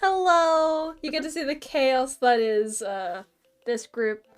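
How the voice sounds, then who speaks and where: A woman's voice: sits high, steady tone, takes it slowly, clean tone. A woman player chatting and giggling with her group on a live stream. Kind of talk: casual stream chat.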